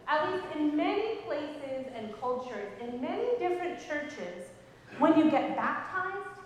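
A woman pastor preaches in a church sanctuary, her voice high and very animated as she explains things and puts questions to the people. The room rings with heavy, long reverb. Faint noise sits under it. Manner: gentle explanatory storytelling, asks the congregation questions. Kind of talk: sermon. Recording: echoey church hall from a distance.

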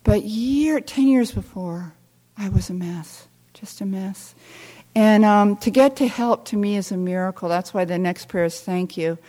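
A woman's voice: medium pitch, a little slow. Wry older woman telling stories in a hall. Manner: wry, self-deprecating, animated storytelling. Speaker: speaker. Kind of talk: storytelling talk to a live audience. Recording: long hall reverb.

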